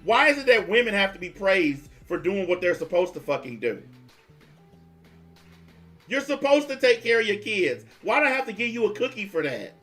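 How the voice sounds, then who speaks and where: A high-pitched man in his forties hosts a livestream and rants at his audience in a blunt, profane, confrontational way. He mocks and scolds as he goes, and faint music plays underneath his voice. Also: sing-song, moderate pace, a bit bright. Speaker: livestream host taking calls.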